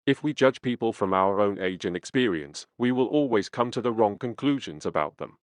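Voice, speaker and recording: Low-pitched male narrator, dry studio read, steady and earnest first-person memoir delivery. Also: brisk, dry recording. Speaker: audiobook reader.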